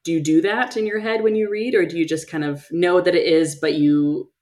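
Low-voiced woman chatting casually about books. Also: steady tone, a little fast, darkish tone. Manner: chatty, trails off and restarts mid-thought. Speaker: podcast co-host. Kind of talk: casual book chat.

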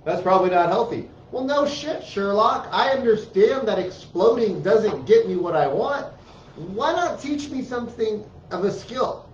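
Blunt, high-voiced man in a roomy space. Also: animated, measured pace, a little hiss or hum. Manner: blunt, emphatic, swears freely. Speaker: speaker giving life advice to parents. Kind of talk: casual motivational talk. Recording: roomy, distant, dull sound with faint ambience.

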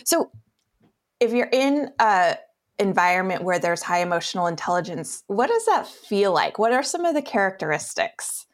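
A woman's voice: mid-range voice, sing-song, moderate pace. A woman hosting an interview, asking curious questions and encouraging her guest. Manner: curious, encouraging listener who laughs along. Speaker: interviewer host. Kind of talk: interview conversation.

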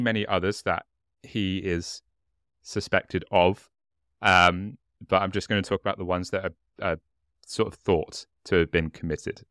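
A man co-hosting a casual true-crime podcast, talking in a relaxed, halting way with lots of fillers. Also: low-pitched, smooth, dry recording, studio quality. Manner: relaxed, hesitant with many fillers, laughs often. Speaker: podcast co-host.

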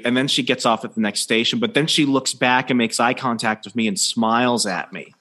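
A man's voice: medium pitch, fairly even intonation, fairly quick, hardly any pauses, a bit bright. A young man in casual podcast chat, joking crudely and rambling through long anecdotes.

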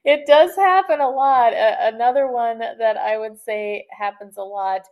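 A woman communication expert, a podcast guest, who explains tips in a lively, chatty way and laughs often. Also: fairly high pitch, measured pace. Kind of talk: conversational podcast interview.

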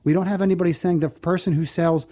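Male radio host, somewhat high but mellow voice, earnest advice-giver. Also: fairly even intonation. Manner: earnest, explanatory, repeats phone number slowly. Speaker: financial advisor and radio show host. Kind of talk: radio talk show advice.

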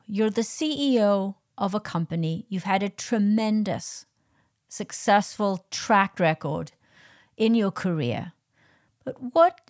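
A woman's voice: mid-range voice, darkish tone. A woman hosting an interview, asking curious questions with light humor. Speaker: podcast host. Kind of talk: interview conversation.

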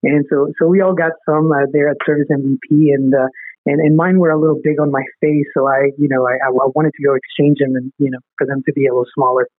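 A man's voice: fairly high pitch, little pitch movement, no echo. A man, a podcast guest, telling a story in an earnest way and often checking in with "right?". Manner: earnest, fast, peppers sentences with "right?". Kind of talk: storytelling interview talk. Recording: tinny phone-like line.

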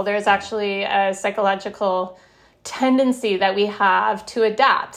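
A middle-aged woman who writes about happiness, talking as an interview guest. She is animated, tells stories with bits of laughter, and says "like" a lot. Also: mid-range voice. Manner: animated, laughs while telling stories, lots of "like". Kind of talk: conversational interview.

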